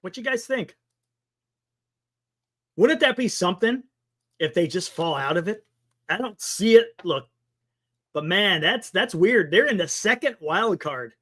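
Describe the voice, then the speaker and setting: A man hosts a casual sports talk stream, rambling through the standings and answering his chat with a sarcastic edge. His voice sits high and swings widely in pitch as he talks. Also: expressive, unhurried, pauses often, a bit bright. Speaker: sports talk show host.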